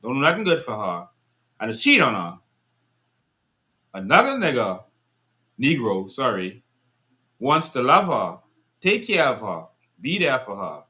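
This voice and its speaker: Animated man, bright lively voice. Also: mid-range voice, measured pace, long pauses. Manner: animated, rhetorical, rising into exasperated scolding. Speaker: political commentator. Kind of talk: casual political commentary to viewers.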